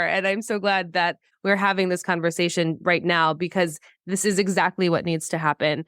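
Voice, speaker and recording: Casting: emphatic woman host, smooth clear voice, close dry mic. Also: medium pitch, animated, moderate pace, hardly any pauses, a bit bright, dry recording. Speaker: podcast host. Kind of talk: casual podcast conversation.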